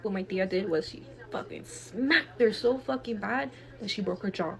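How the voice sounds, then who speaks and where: In a mid-range voice with vocal fry and a normal speed, a young Texan woman guest relates a wild family story. Her speech is casual, animated, and full of profanity, and she acts out the quotes.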